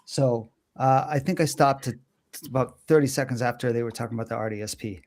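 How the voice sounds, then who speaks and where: A man in his forties joins a casual livestream as a guest co-host. His voice is mellow and dark, and he talks hesitantly, stopping and restarting his thoughts. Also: medium pitch, brisk. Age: 40s. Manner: hesitant, lots of fillers and restarts.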